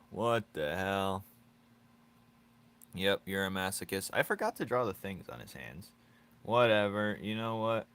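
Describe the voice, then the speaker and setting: A man's voice: fairly low pitch, lively intonation, takes it slowly, long pauses, a bit bright, smooth. A man chatting casually with his viewers while drawing on a live stream, teasing and joking, laughing often.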